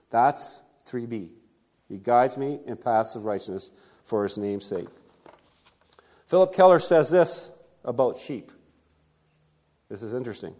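A male pastor delivering a sermon in a conversational way, repeating key phrases, asking rhetorical questions, and swinging from loud emphasis to quiet asides. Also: medium pitch, expressive, a little slow, pauses often.

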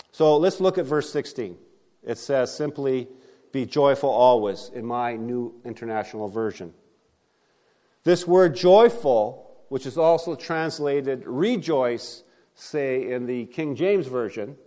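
A man delivering a sermon at a church service. His voice sits in an ordinary middle range. He leans hard on key words, poses rhetorical questions, and swings between loud bursts and hushed asides. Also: medium pitch. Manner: emphatic preaching with rhetorical questions and big swings in loudness. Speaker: pastor.

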